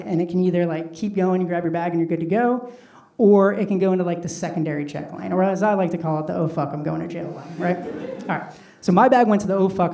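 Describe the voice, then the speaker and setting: A man's voice: high voice, mellow. A middle-aged man performing a stand-up comedy set, talking loosely and conversationally with lots of "like" fillers. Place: comedy club stage. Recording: roomy club sound from a distant mic with audience. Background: audience laughter.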